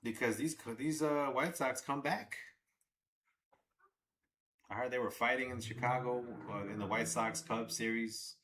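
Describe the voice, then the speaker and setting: Excitable man calling a game. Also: mid-range voice, a little slow, pauses often. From Long Island, New York. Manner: chatty, excitable, cheers players on, swears now and then. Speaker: fan livestream commentator. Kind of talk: casual live fan commentary on a baseball game.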